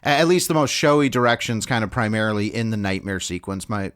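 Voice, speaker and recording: A man's voice: fairly low pitch, lively intonation, fast, fairly bright tone, clean tone. A man co-hosting a podcast, talking loosely in a casual film discussion, with lots of "um" and restarts. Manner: loose and chatty, many fillers and restarts. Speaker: podcast co-host.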